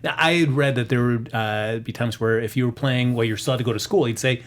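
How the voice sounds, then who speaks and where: Guy interviewer talking quick, asks stuff with lots of restarts. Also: mid-range voice. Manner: quick, hesitant questioning with restarts. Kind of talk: casual interview questions.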